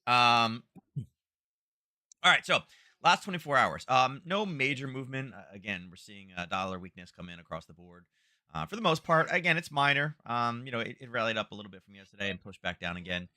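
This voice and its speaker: A man's voice: medium pitch, animated, fairly quick, bright, forceful tone, dry recording, studio quality. A man hosting a live trading stream, talking through the markets in a rambling, easygoing way full of fillers. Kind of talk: casual live market commentary.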